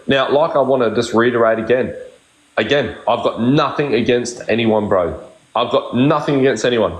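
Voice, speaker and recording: A man on a live stream, talking bluntly and cursing at every turn, circling back over the same points. His voice sits at an ordinary middle pitch. The room around him rings with echo. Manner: blunt, swears constantly, repeats himself. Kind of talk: heated casual chat.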